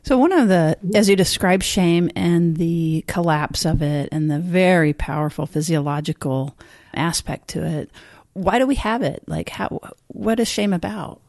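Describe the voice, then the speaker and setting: A woman's voice: on the low side, measured pace, darkish tone, dry recording, clean studio sound. A woman co-hosting a podcast, asking curious, open questions of her guest. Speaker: podcast co-host. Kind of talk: podcast interview.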